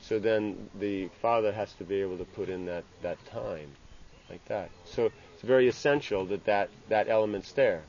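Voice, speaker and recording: A man giving an informal scripture class. He speaks haltingly, restarting phrases and tagging lines with "you know". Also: fairly low pitch, a little mellow. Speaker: religious teacher. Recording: dull lo-fi with faint ambient hiss.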